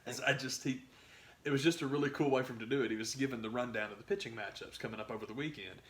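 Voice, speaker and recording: A man co-hosting a podcast, chatting about sports in a rambling, excitable way that trails off and restarts. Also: medium pitch, very fast, a little hiss or hum. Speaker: podcast co-host. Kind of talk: casual sports chat.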